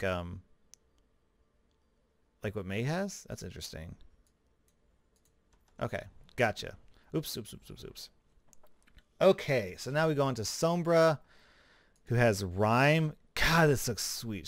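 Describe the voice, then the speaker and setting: A man's voice: mid-range voice, no room sound. Laid-back man, dry close mic. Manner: relaxed, chatty, with fillers and small laughs. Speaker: gaming YouTuber. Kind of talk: casual commentary over gameplay.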